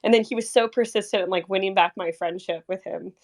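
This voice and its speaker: A woman's voice: medium pitch, fast talker. A woman talking in a casual group conversation, rambling with lots of fillers and emotion as she remembers a friend. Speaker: community member sharing memories.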